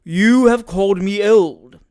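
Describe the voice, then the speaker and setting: Mr. Tupman, a plump older gentleman, touchy and quick to take offence, as a reader puts him on. Declaiming, raised and insistent, set back a little from the mic in places, in a storybook reading. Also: mid-range voice, big pitch swings, pitched above the performer's own voice. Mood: indignant. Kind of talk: audiobook character reading.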